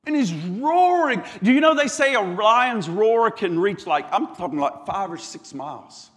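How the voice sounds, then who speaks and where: A man's voice: high voice, animated, measured pace, a bit bright, long reverb tail. A man, a pastor preaching a sermon in a church, impassioned, stacking repeated phrases and stumbling through restarts.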